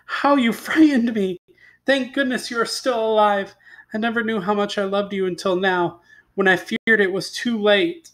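A man's voice: sits high, moderate pace, a bit bright, pitched above the performer's own voice. A man voicing a young, kind-hearted heroine in a fairy tale read-aloud, with an emotional, pleading delivery. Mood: earnest. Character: young woman heroine, tender and earnest.

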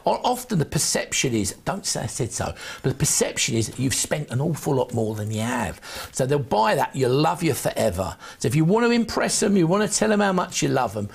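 Gravelly, animated shopping-channel salesman. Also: on the high side, fairly quick. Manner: chatty, jokey, animated selling patter. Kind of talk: TV sales pitch.

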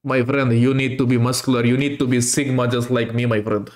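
A man's voice: medium pitch, flat delivery, a little fast, darkish tone, soft background music. Indian man faking a Russian accent. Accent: put-on Russian. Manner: teasing, calls people "my friend", broken English on purpose. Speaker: YouTuber trolling strangers on video chat. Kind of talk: prank chat in a fake accent.

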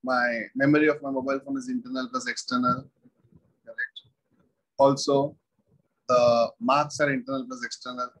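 A man's voice: mid-range voice, level tone, moderate pace, long pauses, a bit bright, poor audio. A man teaching a physics class, repeating every point and asking the students rhetorical questions. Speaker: physics lecturer. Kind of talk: classroom lecture.

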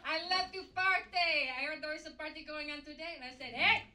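A woman doing a live stand-up impression of a vain, over-the-top female diva singer with a put-on French-Canadian accent, talking loud and sing-song. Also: high voice, a little fast. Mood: brassy, excited. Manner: loud, campy, sing-song, bursting into shouts. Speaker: comedian doing a character impression. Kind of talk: live stand-up character act. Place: comedy club stage. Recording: roomy live venue from far off, audience noise.

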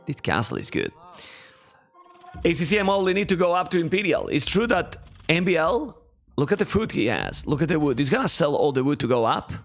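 A young man with a Spanish accent, speaking English as a second language, giving live esports commentary in an excitable way and reacting loudly to viewers. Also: on the high side, vocal fry. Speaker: esports caster.

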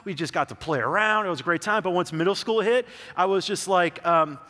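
A man's voice: high-pitched, a little fast, pushed and bright. A young adult man preaching a sermon in a church sanctuary, telling a story in a loose, conversational way with lots of "like"s. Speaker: pastor. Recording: church hall reverb.

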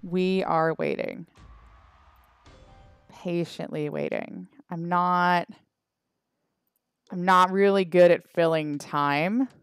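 A woman's voice: fairly low pitch, fairly even intonation, takes it slowly, pauses often, clear, resonant tone, no echo, clean studio sound, faint music behind. A Canadian woman streaming a mobile game, chatting casually and wryly with her chat, trailing off with fillers. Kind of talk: casual livestream chat reading the chat.

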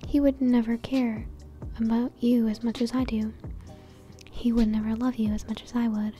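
A woman's voice: on the high side, level tone, normal speed, soft background music, lightly acted. A woman voicing a jealous teenage boy volleyball player in a whispered role-play reading. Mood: remorseful. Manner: soft, hushed.

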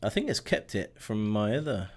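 A young gaming streamer chats casually while playing a driving game, greeting viewers by name and talking through each step. His voice is on the low side, very animated, and darkish, at a moderate pace, with a faint truck engine noise in the background.

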